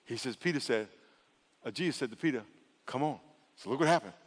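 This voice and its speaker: A male pastor preaching an animated sermon in a church, calling on the congregation to answer back. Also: medium pitch, quick pace. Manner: animated, calls for congregation responses. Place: church sanctuary. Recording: long hall reverb.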